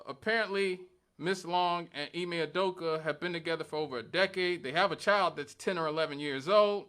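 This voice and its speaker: A man's voice: high voice, sharp tone. A male radio talk show host giving an emphatic, argumentative monologue, repeating points for stress. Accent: Northwest Indiana.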